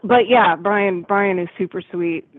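Woman guest, chatty rambling storyteller, husky edge, dry tinny call-in line. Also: medium pitch, a little slow. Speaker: guest, tribute band member. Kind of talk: casual interview chat.

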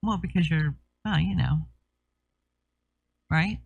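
A man's voice: fairly high pitch, slow pace, gravelly, breathy edge, no echo, muffled recording. Easygoing, teasing co-host man. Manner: easygoing, teasing, laughs often. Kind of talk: casual chat.

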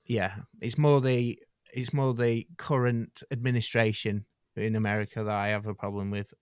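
A man's voice: lowish voice, flat delivery, normal speed, clean tone, no echo, studio quality. A man rambling and hesitating through a casual comedy podcast chat. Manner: rambling, hesitant, tangent-prone. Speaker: podcast co-host.

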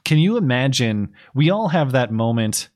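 Man with a cold and a lively voice. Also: mid-range voice. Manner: measured, hedging, laughs along. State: has a cold. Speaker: podcast co-host. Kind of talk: casual political chat.

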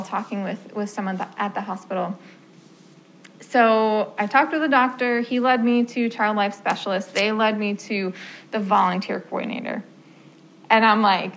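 A woman's voice: mid-range voice, a bit bright, slight background noise, low-quality recording. A woman music therapist giving an informal talk to colleagues, telling stories with lots of quoted dialogue and filler words. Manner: storytelling with quoted dialogue, frequent um and like.

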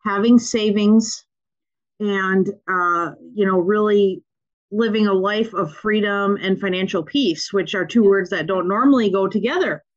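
A woman from Minnesota, with a Minnesotan accent, appears as a guest on a casual podcast interview; she's a nurse practitioner and money coach. Her mid-range voice is unhurried and upbeat, filled with fillers, though the audio sounds dull.

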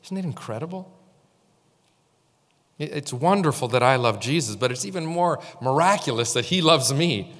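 A mid-range, fairly bright male voice belongs to a pastor giving a conversational sermon in church. He tells stories and speaks straight to the congregation, and the recording carries a long hall reverb.

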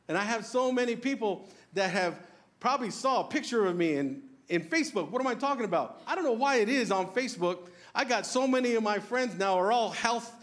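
A pastor preaching an earnest, conversational sermon, asking the congregation questions and joking about himself. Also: male voice, high voice, fairly bright tone. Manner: self-deprecating humor.

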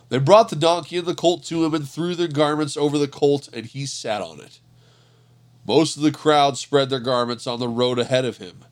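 Male scripture reader, measured and earnest, mid-pitched. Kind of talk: scripture reading.

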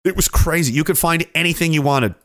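A man hosting a casual livestream who rambles through viewer comments, cynical and quick to swear. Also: on the high side, a bit bright, no room sound, studio quality. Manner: rambling, profane and cynical, with frequent restarts.

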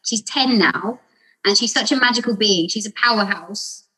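A woman's husky voice carries this casual podcast chat. She rambles through her stories and acts out what other people said along the way. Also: mid-range voice, normal speed, low-quality recording. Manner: rambling, warm storyteller acting out quotes with laughs. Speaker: podcast guest.

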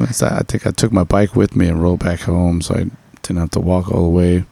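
Gravelly low-voiced man telling a story. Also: flat delivery, brisk, mellow, no echo. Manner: loose, profane storytelling, heavy fillers. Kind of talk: casual storytelling chat.

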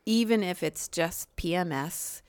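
A woman's voice: on the low side, a little slow, no echo, studio quality. A middle-aged woman co-hosting a podcast, rambling and laughing as she tells family stories. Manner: rambling, self-interrupting, laughing storyteller. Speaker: podcast co-host. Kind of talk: casual chat.

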